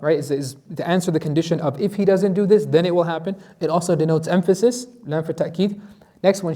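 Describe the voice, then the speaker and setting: A man's voice: on the high side, mellow. A man teaching a Quran lesson as an imam, asking his class questions and reciting Arabic verses.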